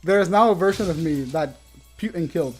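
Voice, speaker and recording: A man's voice: fairly high pitch, a little fast, faint music behind. A man co-hosting a Let's Play, chatting casually with frequent swearing and laughter. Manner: swears a lot, laughs often. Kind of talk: casual chat while gaming.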